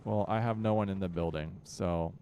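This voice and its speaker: Playing a strategy game, this young gaming host commentates casually, shouting commands at his units and complaining with mock exasperation. His voice is deep and dark, steady in tone, at normal speed. Faint hiss or hum is audible.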